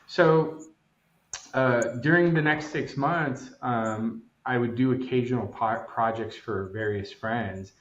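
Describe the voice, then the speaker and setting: A man's voice: mid-range voice, slow pace, roomy sound, muffled recording. A man from Los Angeles, a podcast co-host, telling a long casual story full of fillers and acted-out quotes. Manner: rambling, many fillers, acts out quotes.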